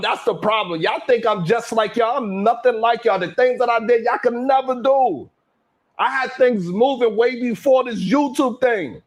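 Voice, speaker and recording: Boastful, trash-talking live stream host. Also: male voice, very high voice. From Brownsville, Brooklyn. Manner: loud, boastful, trash-talking, curses freely. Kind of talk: hyped live stream rant.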